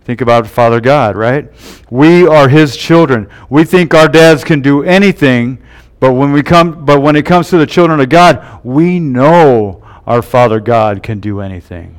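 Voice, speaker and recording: A man's voice: medium pitch, clear, resonant tone. A male pastor preaching a sermon who keeps tagging his points with "right?" and "amen?". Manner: tags lines with "right?" and "amen?".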